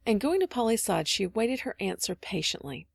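A woman reading a children's storybook aloud in an expressive, measured narration. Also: mid-range voice, creaky, no echo, clean studio sound. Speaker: audiobook reader.

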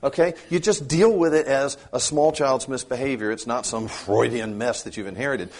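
A man's voice: mid-range voice, moderate pace. A man co-hosting a casual parenting chat, talking in a conversational, affirming way and sharing anecdotes. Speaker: podcast co-host.

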